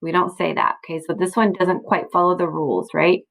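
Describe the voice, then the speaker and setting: A woman teacher records a slideshow lesson for young students, with a fairly low, gravelly voice. She talks patiently and encouragingly, checking in often with her class. It is recorded on a computer mic. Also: fairly even intonation, brisk, fairly bright tone, poor audio. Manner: patient, encouraging, frequent "okay?" and "right?" checks. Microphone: computer mic, screen recording.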